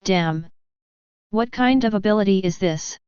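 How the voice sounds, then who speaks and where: A woman voicing an arrogant male navy admiral who talks with scorn, in a smooth voice on dull lo-fi audio. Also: medium pitch, unhurried, a little mellow, no room sound, close to an everyday voice. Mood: alarmed.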